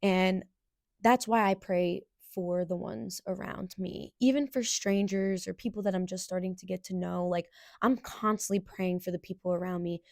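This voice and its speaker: Young woman podcaster talking earnest and a bit halting, dry close mic. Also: on the low side, fairly even intonation, vocal fry, a little mellow, dry recording. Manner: earnest, halting, many fillers and restarts. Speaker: podcast host. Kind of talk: personal storytelling to camera.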